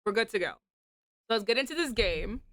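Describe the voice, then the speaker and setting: A woman streamer chatting casually to her viewers while getting over a cold, with a slight rasp in her throat, giggly and chatty with sudden animated outbursts. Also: fairly high pitch, fairly quick, no room sound. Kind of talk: casual live-stream chat.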